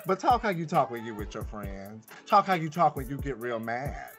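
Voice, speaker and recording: An animated man talking through a stage performance in casual podcast chat, candid and full of fillers. His pitch sits in a middle range, and faint music plays underneath. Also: normal speed. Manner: animated, candid, laughs often, frequent fillers. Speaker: podcast co-host. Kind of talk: casual theater review chat.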